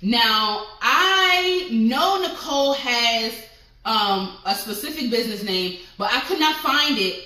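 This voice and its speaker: Woman vlogger, gushing chatter, bright tone, very echoey room. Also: on the high side, expressive, slow. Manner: effusive, chatty, swearing casually. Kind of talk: casual vlog shout-outs.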